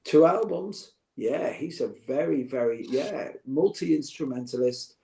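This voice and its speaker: Gravelly, dark-voiced man chatting. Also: fairly high pitch, lively intonation, measured pace. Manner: chatty, joking, heartfelt. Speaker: podcast guest. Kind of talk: casual chat.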